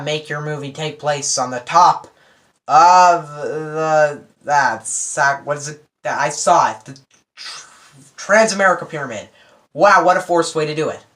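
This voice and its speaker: A man giving a rambling, excitable spoiler review of a movie, full of fillers and acted-out quotes. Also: on the high side.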